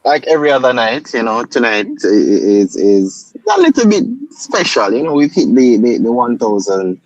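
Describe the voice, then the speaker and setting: A man's voice: medium pitch, sing-song, normal speed, no echo, poor audio. A man co-hosting a live stream in easygoing casual chat, often repeating his words. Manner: easygoing, repeats words, calls others neighbor.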